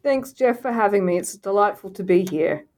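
A woman's voice: mid-range voice, lively intonation, normal speed, a little mellow. A middle-aged woman from Australia with a faint Australian accent, a professor talking thoughtfully as a podcast guest, with many fillers. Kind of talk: podcast interview.

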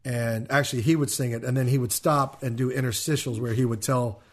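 A man's voice: medium pitch, steady tone, brisk. A man co-hosting a podcast in casual chat, rambling with frequent ums and restarts. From Kansas City, USA. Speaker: podcast co-host.

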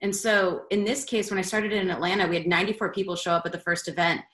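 A woman's voice: fairly low pitch, fairly even intonation, fast talker, a bit bright, roomy sound. A woman as a podcast guest, talking in an earnest, reflective way. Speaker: podcast guest, networking founder. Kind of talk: casual interview chat.

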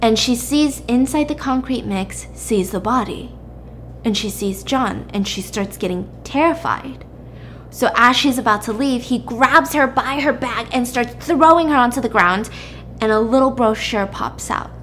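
A woman host casually recapping a drama plot with animated storytelling and quick asides to her co-host. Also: on the high side, a little hiss or hum. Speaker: podcast host.

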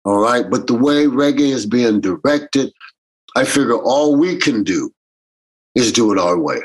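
A husky, slightly breathy man with a lilt, leading a reggae band and talking through his stories. He tells them animatedly, slipping into the voices of the people he quotes. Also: mid-range voice, animated, measured pace, low-quality recording. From Jamaican American. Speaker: reggae bandleader. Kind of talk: casual interview storytelling.

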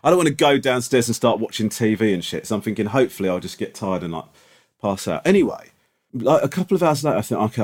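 Animated swearing man telling a story. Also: mid-range voice. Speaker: podcast co-host. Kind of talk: casual chat.

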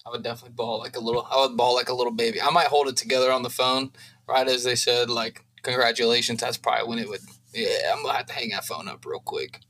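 Earnest man with a bright voice. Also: mid-range voice, steady tone, quick pace, slight background noise, low-quality recording. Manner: emotional, earnest, rambling. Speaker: podcast co-host. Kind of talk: casual chat.

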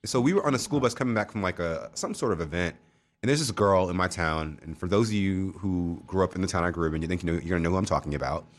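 A man in casual chat, telling stories with sassy, animated asides. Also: sits low, quick pace.

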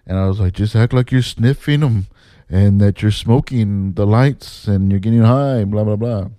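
A man casually telling a story about his theater days, swearing and jumping up in pitch to mimic people. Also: normal speed, dry recording. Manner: animated, swears, mimics others in pitched-up quotes. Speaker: former assistant stage manager telling a story.

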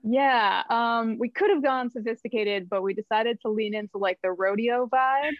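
A woman from New Jersey, a songwriter guest on a podcast, talking in a thoughtful, halting and wryly playful way. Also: on the high side, no echo. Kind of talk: casual interview chat. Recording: dull lo-fi mic.

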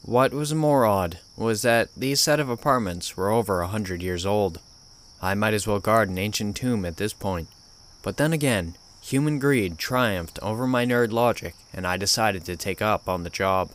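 A man narrating a horror story in a measured, grim storytelling manner. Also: lowish voice, fairly bright tone. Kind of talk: scripted narration.

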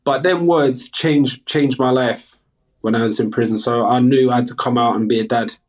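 A man with a South London accent talks as an interview guest. He speaks earnestly and openly in easy, chatty sentences. His voice sits at an everyday middle pitch for a man in his thirties. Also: steady tone, normal speed. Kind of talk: casual interview chat.

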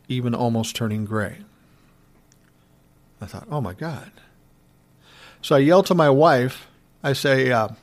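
Emotional man telling a personal story. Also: mid-range voice. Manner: emotional, earnest, reflective.

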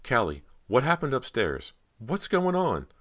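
A man's voice: fast, a bit bright. A man voicing a frightened teenage girl, pleading frantically in a raised voice. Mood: terrified. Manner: pleading, frantic, voice pushed higher.

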